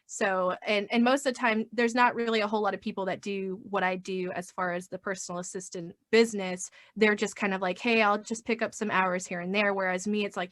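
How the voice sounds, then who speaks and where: An upbeat woman chatting as a guest on an interview podcast, often slipping into little acted-out quotes. Her voice sits at a middle pitch for a woman. The sound is dry and close to the mic. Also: steady tone, fairly quick, few pauses, a bit bright, dry recording. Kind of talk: casual interview chat.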